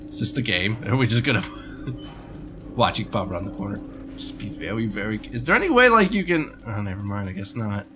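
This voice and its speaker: A man's voice: mid-range voice, pushed and bright, a little hiss or hum. Guy cracking jokes over a horror game, voice bouncing all over, laughs and swears a lot. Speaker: let's play co-host. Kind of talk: casual gaming banter.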